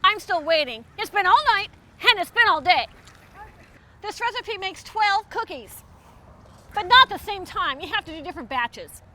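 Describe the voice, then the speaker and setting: A woman with a very high, bright, sharp voice hosts a comedy cooking show. She talks theatrically and spins small mishaps into melodramatic rants. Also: animated, moderate pace, a little hiss or hum. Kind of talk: mock-dramatic comedy cooking monologue.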